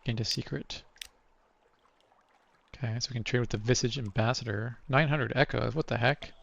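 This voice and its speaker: A man's voice: medium pitch, fast, vocal fry, a bit bright, highs cut off. A man doing casual let's play commentary, thinking aloud over his choices and reading game text aloud.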